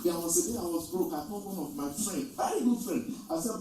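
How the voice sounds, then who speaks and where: Male preacher, higher voice, storytelling sermon, echoing off-mic sound. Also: fast, slight background noise. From Nigeria. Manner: animated storytelling preacher, repeats key lines, rises to loud emphasis. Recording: echoey, distant from the mic.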